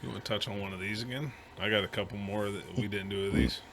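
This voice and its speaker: A man with a bright, forceful voice makes dry cracks and reads a listener question aloud on a casual podcast. A faint hiss of background noise runs under him. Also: fairly low pitch, fast, gravelly. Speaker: podcast co-host. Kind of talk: casual chat.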